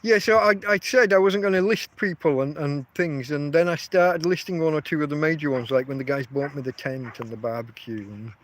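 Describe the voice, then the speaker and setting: A man's voice: fairly high pitch, brisk, few pauses. A man, chatting casually and rambling on a livestream from outdoors. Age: 50s. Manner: rambling, chatty, often restarts his sentences. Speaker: livestream host.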